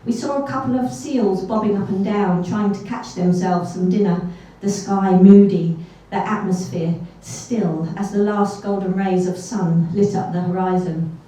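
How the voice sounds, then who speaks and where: A woman's voice: medium pitch, steady tone, unhurried, hardly any pauses, mellow. A woman telling a true story on stage at a live event, chatty and self-deprecating, with little asides. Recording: echoey hall from far off.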